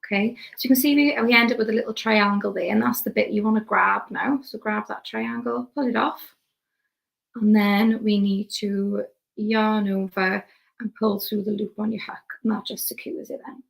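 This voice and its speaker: Welsh woman teaching crochet, gravelly. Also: mid-range voice, normal speed, low-quality recording. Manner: relaxed, chatty, talks while working with hands. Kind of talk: step-by-step craft demonstration.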